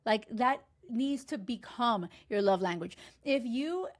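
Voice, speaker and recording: Emphatic dating coach woman, high voice. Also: expressive, slow. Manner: emphatic, gushing, frequent "like". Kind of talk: casual recap commentary.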